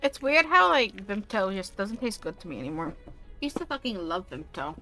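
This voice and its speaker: A woman's voice: mid-range voice, a little fast, faint music behind. A young woman streaming a game, reading it aloud with chatty asides. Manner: chatty, animated asides, talks with food in mouth.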